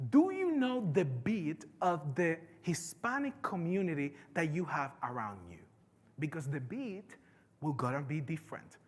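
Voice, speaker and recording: A woman with a Spanish accent, a native Spanish speaker, giving a live conference talk in an animated, playful way and drawing in the audience. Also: deep voice, breathy edge. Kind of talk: live keynote presentation. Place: large conference hall. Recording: echoey conference hall.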